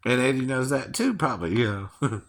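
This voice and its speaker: A man's voice: medium pitch, expressive, moderate pace, a bit bright. A man from Georgia talking in a rambling casual monologue, chuckling often and tagging "right, right" onto his points.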